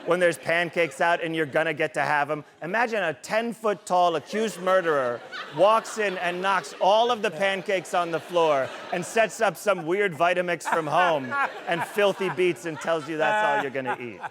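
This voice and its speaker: A man delivering a stand-up monologue as a comedian host, animated and incredulous as he acts out the story. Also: high voice, normal speed, hardly any pauses, noisy background.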